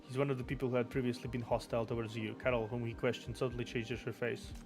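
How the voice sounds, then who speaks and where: A young male streamer reads a game's story aloud, often stumbling over words and correcting himself. His voice sits at an ordinary male pitch. Game music plays clearly behind him. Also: little pitch movement, fast. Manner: stumbling, self-correcting reading. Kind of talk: reading game story aloud, casual chat. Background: background game music.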